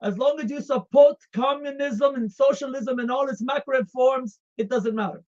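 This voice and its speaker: A streamer's comedic bit features a committed Russian communist comrade speaking deadpan, formal broken English in a put-on accent. The high voice moves at a moderate pace, close to an everyday speaking voice, and the audio sounds dull.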